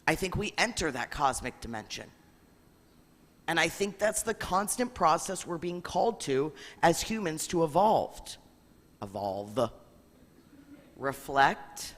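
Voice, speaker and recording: A woman rabbi giving an earnest, animated spiritual reflection, often breaking into laughter. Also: on the low side, slow, long pauses, big-room sound.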